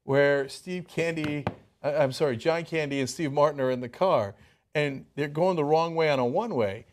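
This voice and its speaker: A man hosting a political talk show, giving animated and worked-up commentary. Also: on the high side, normal speed, a little hiss or hum.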